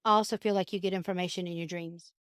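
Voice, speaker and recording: A woman guest talking about spiritual healing in a calm, reassuring way, sometimes acting out voices in a story. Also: lowish voice, quick pace, clean tone, no echo, clean studio sound. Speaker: guest healer. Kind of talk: casual spiritual talk.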